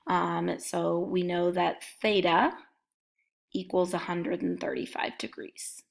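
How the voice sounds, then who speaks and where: Slow, gravelly-voiced woman math teacher. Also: lowish voice, level tone. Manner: methodical, talks through each step while writing. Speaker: math instructor. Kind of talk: recorded math lecture.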